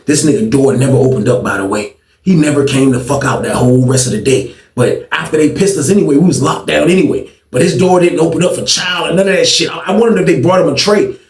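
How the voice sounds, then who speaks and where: A man telling a story from his past in a casual, animated way, full of slang and repeated lines, acting out what people said. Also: on the high side, fast talker. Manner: animated, slangy, repetitive, acts out quotes. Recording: echoey room, distant mic.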